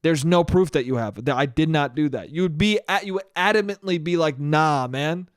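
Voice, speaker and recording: A man hosting a solo podcast, retelling a story in a casual, profane and animated way. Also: a little high, fairly quick, no room sound, studio quality. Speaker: podcast host.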